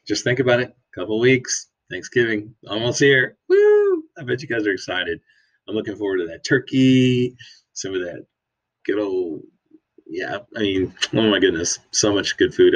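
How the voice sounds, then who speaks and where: A man's voice: lowish voice, fairly bright tone, lo-fi sound. A man teaching second graders about note durations in a video lesson, upbeat and chanting the rhythm counts aloud. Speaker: music teacher.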